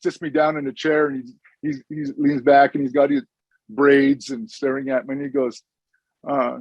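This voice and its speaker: A man's voice: mid-range voice, moderate pace, creaky, a little mellow, breathy edge, no echo, muffled recording. A middle-aged man, a social worker, giving an earnest, informal conference presentation with stories and frequent restarts.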